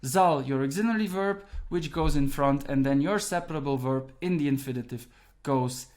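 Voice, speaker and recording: A man's voice: mid-range voice, normal speed, a little mellow. A man teaching an online grammar lesson, explaining patiently step by step and checking in with "right?" and "okay". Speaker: Dutch language teacher.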